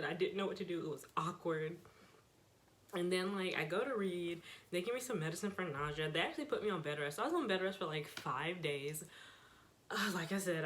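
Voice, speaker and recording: A woman's voice: fairly low pitch, fairly bright tone. A young woman vlogger telling a personal story in a casual, chatty way, often laughing as she goes. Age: young adult.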